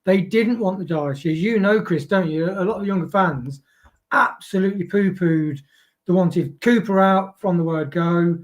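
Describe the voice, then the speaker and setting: High-pitched male panelist, earnest and opinionated. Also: normal speed. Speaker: fan show panelist. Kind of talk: casual podcast banter.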